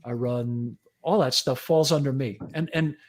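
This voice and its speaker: An American man in his sixties, a fire chief and editor, speaks in a mid-range voice at an unhurried pace. In casual podcast chat he tells profane, jokey anecdotes, acting out the quotes.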